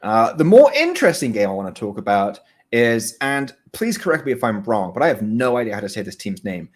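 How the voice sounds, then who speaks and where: A man's voice: mid-range voice, big pitch swings, fairly quick. A man co-hosting a casual podcast chat, rambling and correcting himself mid-sentence, often laughing. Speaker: podcast co-host. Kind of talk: casual chat about soccer betting.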